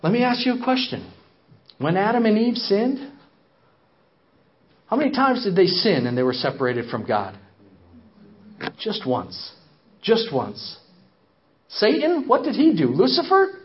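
A man preaches a story in a sermon and acts out the quotes he tells. His voice sits high and swings widely in pitch. He repeats phrases for emphasis, and the recording sounds dull and lo-fi. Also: big pitch swings, normal speed, pauses often. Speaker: missionary speaker.

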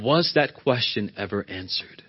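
A man preaching a sermon as pastor, swinging between loud emphatic peaks and hushed, low passages. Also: animated, measured pace, husky, lo-fi sound.

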